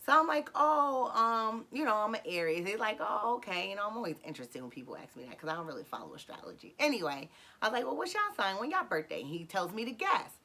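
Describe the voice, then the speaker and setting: A woman casually telling a personal story, animated, acting out dialogue in sudden high excited bursts, with frequent fillers and self-corrections. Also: fast talker, hardly any pauses. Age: adult with a son.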